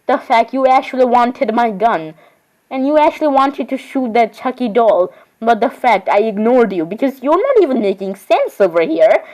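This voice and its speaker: A woman's voice: on the high side, big pitch swings, moderate pace, darkish tone, rough recording. A woman voicing every doll in an improvised role-play, talking in a rambling, chatty way with sudden surprised squeals. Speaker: voicing all the dolls in a homemade role-play.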